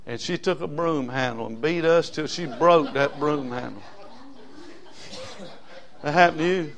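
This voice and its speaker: Preacher guy, middle-aged, keeps asking for amens, gets loud then goes soft, kinda high voice. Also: a little slow, gravelly. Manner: call-and-response preaching, asks the congregation for amens, swings from loud to soft. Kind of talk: sermon.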